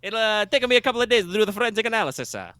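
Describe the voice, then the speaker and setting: Man doing a hammy Italian contact, put-on accent, high, loud, bright, comic. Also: sing-song, rapid-fire, clear, resonant tone, no echo, exaggerated voice.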